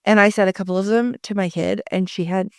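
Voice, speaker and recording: A woman's voice: medium pitch, steady tone, quick pace, clear, resonant tone, no room sound, studio quality. A woman in her forties co-hosting a podcast, talking in a rambling, casual way with lots of fillers and the odd swear. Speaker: podcast co-host; mother. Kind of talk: casual chat.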